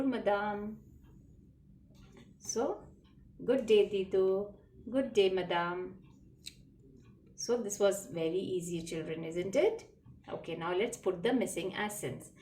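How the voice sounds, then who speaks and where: A woman speaks slowly and patiently, walking children through a lesson and spelling words out letter by letter. Her voice sits back from the microphone in a roomy, echoing space, with a middle pitch. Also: warm tone, distant mic, slight background noise. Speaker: teacher. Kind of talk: slow classroom lesson explaining French words. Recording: roomy echo, voice from away from the mic.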